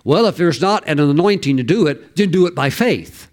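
A man's voice: fairly high pitch, expressive, moderate pace. A middle-aged male pastor preaching a sermon, telling stories and urging his listeners on with fervor. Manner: storytelling preacher who exhorts and laughs loudly.

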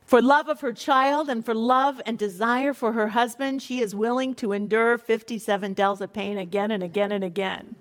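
A middle-aged woman teaching a Bible study in a conversational way, reading scripture aloud and mixing in personal stories. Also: on the high side.

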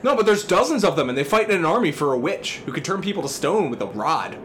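A man's voice: a little high, big pitch swings, quick pace, fairly bright tone, a little hiss or hum. A man in his thirties co-hosting a podcast, ranting in casual chat with comic exasperation and frequent swearing. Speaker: podcast co-host.

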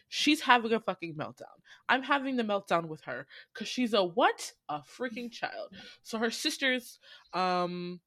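Animated, foul-mouthed woman podcast host, dry close-miked sound. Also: medium pitch, unhurried, no echo. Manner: profane, animated, laughs often. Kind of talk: casual movie recap.

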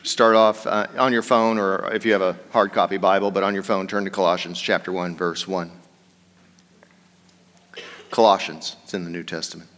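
Man pastor, bright-toned voice, conversational rambling sermon, long hall reverb. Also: low-pitched, steady tone, moderate pace.

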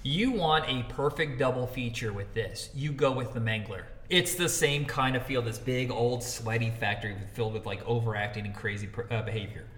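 Indiana man, podcast co-host, bright tone, echoey room. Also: mid-range voice, brisk, few pauses, slight background noise. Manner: animated, swearing, laughs often. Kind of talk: casual movie podcast chat. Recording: echoey room with long reverb.

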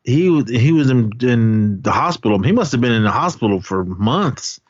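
A man's voice: medium pitch, expressive, moderate pace, no echo, lo-fi sound. A man co-hosting a podcast, rambling through a casual movie recap and laughing as he goes. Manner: rambling, laughing, acts out quotes. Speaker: podcast co-host.

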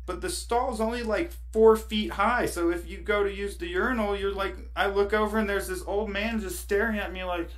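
A man's voice: high voice, fairly even intonation, normal speed, few pauses. A man as a podcast guest, telling a rambling story in casual chat, laughing often and full of fillers.

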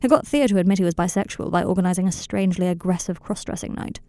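A woman's voice: on the low side, fast, no room sound, close to an everyday voice. Woman reading as a tender young wizard man. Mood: wry. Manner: softly confiding, a little rambling. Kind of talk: audiobook reading of a fan story.

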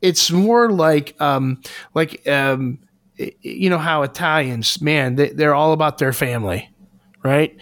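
Earnest man, higher voice, dry sound. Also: a little slow, a bit bright, dry recording. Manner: earnest, searching for words with many restarts. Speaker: podcast co-host. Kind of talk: casual podcast discussion.

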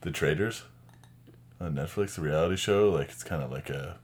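A man with a deep, low voice co-hosting a podcast. He talks casually over drinks and teases his friend with dry humor. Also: normal speed. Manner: dry, teasing. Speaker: podcast co-host.

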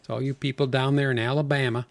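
A man's voice: medium pitch, level tone, quick pace, creaky, no echo. A man co-hosting a podcast in casual chat, trading dry jokes and banter. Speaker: podcast co-host.

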